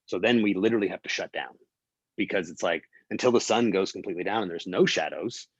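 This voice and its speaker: A man's voice: sits low, fast talker, slightly rough, no echo, highs cut off. A man, a film producer, telling a behind-the-scenes story as an interview guest, acting out what people said, with lots of fillers and restarts. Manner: animated storyteller, acts out quotes, many fillers and restarts.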